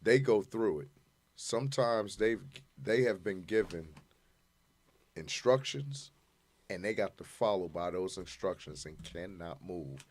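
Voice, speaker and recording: A man on a radio talk panel who speaks in halting, hesitant starts. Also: low voice, lively intonation, a little mellow. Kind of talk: casual opinion talk.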